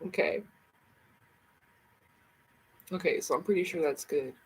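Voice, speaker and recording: A woman's voice: on the low side, moderate pace, husky, poor audio. A woman hosting a livestream, rambling casually to herself and her viewers in a chatty way. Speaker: livestream host.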